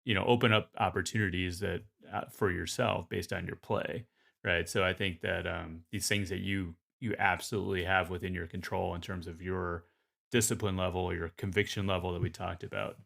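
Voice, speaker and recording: A man's voice: sits low, fairly even intonation, moderate pace, creaky, fairly bright tone. A man hosting a golf podcast, talking in a hesitant way with many fillers and restarts. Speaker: podcast host. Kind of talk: podcast conversation.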